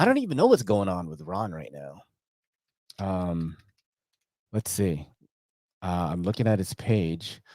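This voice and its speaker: A man's voice: low voice, darkish tone, no echo, studio quality. A man vlogging about knives in a rambling casual chat, full of slang and frequent swearing. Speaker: knife vlogger.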